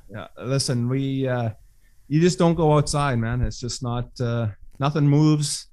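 This Canadian podcaster has a medium-pitched, darkish voice and a measured pace. Through his intro and interview he encourages his listeners, whom he calls brothers.

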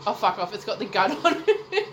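Animated woman laughing through a movie. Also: mid-range voice, normal speed, very noisy. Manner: laughing, teasing, swears freely. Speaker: podcast co-host. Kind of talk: casual movie-watching chat.

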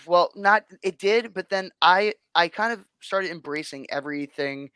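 A man chatting casually as a guest, telling lively stories and acting out what people said. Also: high-pitched, moderate pace, clear, resonant tone, dry recording. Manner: animated storyteller, acts out quotes with big swings. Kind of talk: casual chat.

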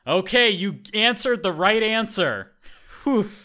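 In a casual podcast chat, a host from an English-speaking country rambles loosely with lots of fillers and restarts. His voice sits high and is bright and forceful, with lively intonation and a slow pace.

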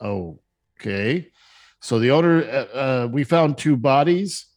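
A man's voice: mid-range voice, lively intonation, slow pace, a little mellow, no echo, studio quality. Brief: man doing a no-nonsense male guard, official and probing. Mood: questioning. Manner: questioning, businesslike.

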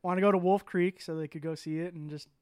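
Casual young man with a high, clear voice. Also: steady tone, fast, darkish tone, no echo, studio quality. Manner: laid-back storytelling with frequent "like" and swearing. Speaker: podcast host. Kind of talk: casual chat.

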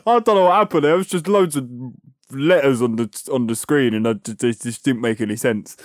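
A man's voice: medium pitch, dry recording, clean studio sound. A man co-hosting a podcast, chatting casually and poking fun at himself, using slang like "bruv" and "innit". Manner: chatty and self-deprecating, says "bruv" and "innit". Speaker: podcast co-host. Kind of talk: casual chat. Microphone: personal microphone.

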